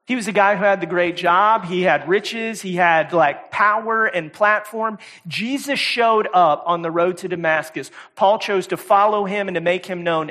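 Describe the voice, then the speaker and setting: A man preaching a sermon as a guest speaker, talking casually and repeating words, swinging between loud emphatic stretches and quiet soft ones. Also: high voice. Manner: conversational, repeats words and says "y'all" often. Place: church service.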